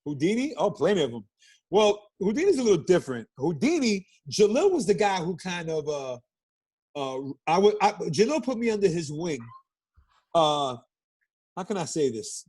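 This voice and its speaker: A middle-aged man from Brooklyn, a guest telling stories in a casual interview, animated and profane, acting out what people said. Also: high-pitched, moderate pace, slightly rough. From Brooklyn, New York. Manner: animated, profane storyteller who acts out quotes.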